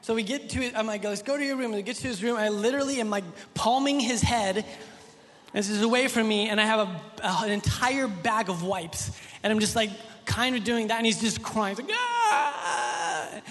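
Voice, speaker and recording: A male pastor in his thirties delivers an impassioned sermon in a high voice. He swings from loud, soaring lines to soft, close ones and tells stories casually. The sound rings with the long reverb of a large hall. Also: fairly quick, soft background music. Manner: impassioned preaching, rises loud then drops soft. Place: church hall.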